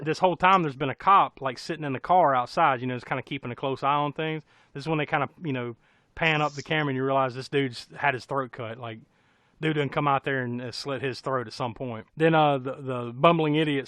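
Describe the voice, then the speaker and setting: American man, podcast co-host, chatty and profane, mid pitch, dry close mic. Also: fairly bright tone, no room sound. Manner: rambling, laughing, profane storytelling. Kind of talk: casual film recap chat.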